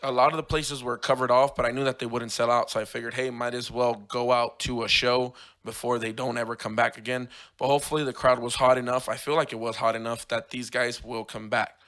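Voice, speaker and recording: A man hosting his own podcast in casual solo chat, his voice hoarse from losing it, rambling and correcting himself as he talks. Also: medium pitch, level tone, a little fast, hardly any pauses, fairly bright tone. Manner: rambling, self-correcting, fan talk. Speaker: podcast host.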